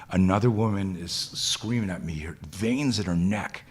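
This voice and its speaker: Man, very low voice, husky, intense storyteller, swears freely, acts out dialogue, podcast guest. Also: normal speed, hardly any pauses. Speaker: guest, self-defense instructor.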